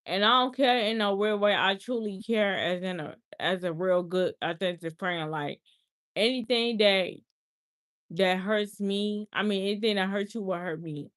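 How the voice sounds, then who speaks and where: A woman's voice: medium pitch, moderate pace. A woman hosting a casual livestream, talking earnestly and repeating herself. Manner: earnest, repetitive, heartfelt talk. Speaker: livestream host.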